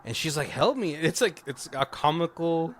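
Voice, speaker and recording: A man's voice: fairly high pitch, fairly even intonation, normal speed, fairly bright tone. A man co-hosting a podcast in casual chat, retelling film scenes with lots of laughter and acting out the lines. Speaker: podcast co-host.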